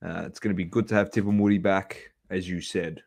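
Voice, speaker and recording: Teasing Australian man, lowish voice. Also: steady tone, fairly quick, vocal fry, darkish tone. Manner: jokey, teasing, runs the segments. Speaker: podcast host. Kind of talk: casual sports chat.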